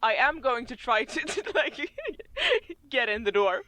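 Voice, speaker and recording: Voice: mid-range voice, very animated, unhurried, sharp tone. A player in a tabletop game who rambles casually and laughs often. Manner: giggly, rambling.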